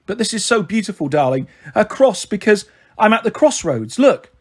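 A man reading a storybook aloud and voicing a flamboyant, impulsive young mother who talks in a gushing, dramatic way, with a husky voice. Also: high-pitched, very animated, moderate pace, voice pushed up, heavily acted. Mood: gushing, pleading.

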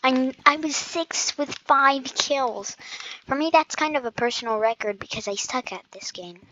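A woman giving casual gameplay commentary, playful and self-mocking, with bursts of excited exclamations. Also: high-pitched, moderate pace, lo-fi sound. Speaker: gamer commentator.

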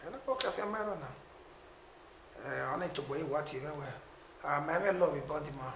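A man's voice: fairly high pitch, normal speed, noisy background. A man with a Nigerian accent, a musician talking animatedly in a casual conversation. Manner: animated, mixing pidgin and Edo. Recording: echoey room.

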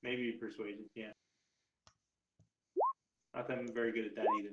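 A man's voice: fairly low pitch, little pitch movement, moderate pace, highs cut off, noisy background. A man playing a tabletop game, talking hesitantly and putting himself down. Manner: hesitant, self-deprecating. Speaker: player. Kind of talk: casual tabletop play. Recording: roomy echo.

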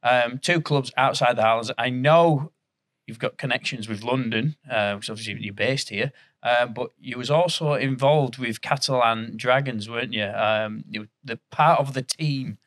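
A man's voice: medium pitch, moderate pace, fairly bright tone. A man hosting a podcast, asking loose friendly questions in a casual chat and laughing easily. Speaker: podcast host.

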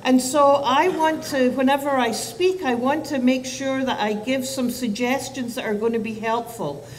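A woman's voice: high-pitched, steady tone, moderate pace. A woman in her fifties, a child psychiatrist, giving a public talk to parents and teachers in a chatty, self-deprecating way with asides and restarts. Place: event hall. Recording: distant mic, long hall reverb, faint noise.

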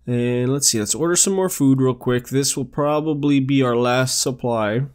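A man's voice: medium pitch, normal speed, darkish tone, smooth. Upbeat man narrating his game. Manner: upbeat, chatty, narrates each click. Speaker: let's play host. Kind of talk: casual gameplay commentary.

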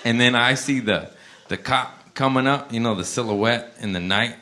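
A male stand-up comedian telling a profane, laid-back story on a club stage, with bursts of animated excitement. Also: mid-range voice, moderate pace.

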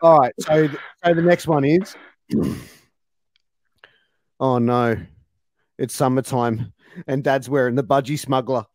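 A man's voice: mid-range voice, steady tone, unhurried, pauses often, darkish tone, no room sound. Jokey Australian man hosting. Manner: jokey, laughs easily, repeats himself. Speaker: host. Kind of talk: casual interview game.

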